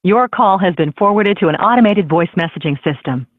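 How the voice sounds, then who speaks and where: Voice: medium pitch, lively intonation, brisk, no echo. Automated voicemail voice over a phone line.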